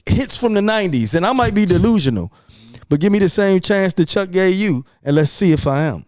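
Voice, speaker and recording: Podcast guest, male, brash and profane, mellow tone but clear and crisp, dry sound. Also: high voice, lively intonation, a little fast, dry recording. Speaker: podcast guest, music promoter. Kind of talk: casual podcast chat.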